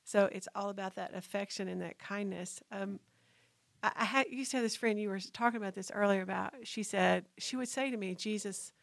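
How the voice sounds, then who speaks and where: A woman co-host of a faith podcast speaks in a mid-pitched voice with a noticeable gravelly fry. She reflects earnestly and quotes scripture as she talks. The recording is dry and close. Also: brisk, no echo.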